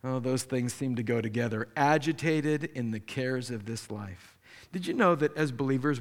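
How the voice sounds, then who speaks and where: A man preaching a sermon as pastor, animated, acting out the people he quotes with sudden jumps in pitch. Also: moderate pace. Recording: long hall reverb.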